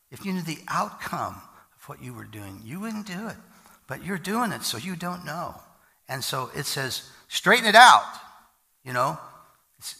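A folksy American pastor preaching with a gravelly, bright edge to his voice. He jokes his way through the sermon and now and then punches a phrase out loud. The sound rings with the long echo of a big hall. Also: medium pitch. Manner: folksy, joking, rising to loud emphatic bursts.

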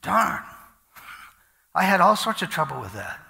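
A man preaching a sermon as pastor, animated and conversational, with a dry mouth. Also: high voice, unhurried, gravelly, big-room sound.

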